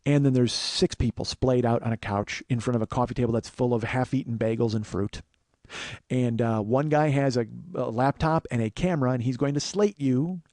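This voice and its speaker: A podcast host in his forties delivers a long, profane story as a monologue, building it up fast. His mid-range, darkish voice comes through in clean studio sound with no echo.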